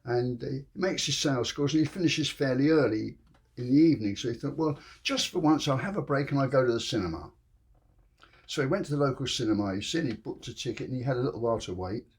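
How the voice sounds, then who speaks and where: Older guy telling dirty jokes, husky voice, chuckles along. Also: mid-range voice, lively intonation, fast talker. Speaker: joke teller, channel host.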